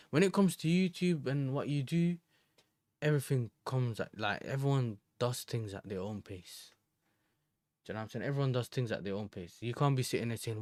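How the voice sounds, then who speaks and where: A man's voice: medium pitch, brisk, a little mellow, no room sound, clean studio sound. Chatty young man streaming football talk. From Netherlands. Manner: chatty, rambling, slang-filled. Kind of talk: casual live-stream chat.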